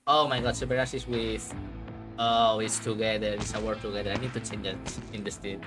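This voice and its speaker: A man's voice: on the low side, fairly even intonation, fairly quick, a bit bright, soft background music. A man streaming live, reading a game story aloud and joking at his own reading, swearing now and then.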